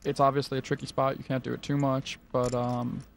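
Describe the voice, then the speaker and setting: A man giving measured, analytical expert commentary on poker hands, with frequent filler pauses. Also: mid-range voice, little pitch movement, vocal fry, slight background noise.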